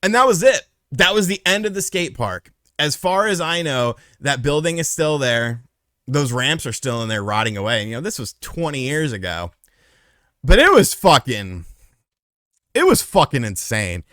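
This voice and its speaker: A man's voice: medium pitch, very animated, normal speed, pushed and bright, dry recording, clean studio sound. A man in his thirties telling a story in a casual, rambling, profane way.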